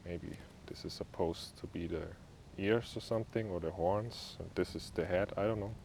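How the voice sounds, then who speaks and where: A young man with a German accent leading a guided stretching class in a calm, easygoing way with small joking asides. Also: deep voice, normal speed, vocal fry, slight background noise. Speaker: yoga instructor.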